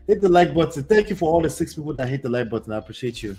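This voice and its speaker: A man's voice: on the high side, lively intonation, normal speed, a little mellow, soft background music. A man hosting a livestream, reading a story aloud and breaking off for chatty asides to his viewers. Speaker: host.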